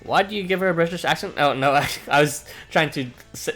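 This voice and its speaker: A man's voice: mid-range voice, normal speed, a bit bright, faint music behind. A man reading through a story game and joking in casual, rambling asides. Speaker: let's-play host.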